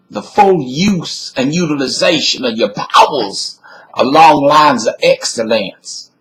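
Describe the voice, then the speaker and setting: A man voicing a folksy Southern man with a Southern American accent, drawling and relaxed as he retells an old quote on a webcam mic. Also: on the high side, full character voice, rough recording.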